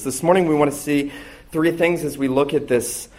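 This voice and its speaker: A man's voice: a little high, fairly even intonation, a little mellow. Earnest man preaching a sermon. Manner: earnest, emphatic preaching with slow stressed phrases. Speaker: pastor.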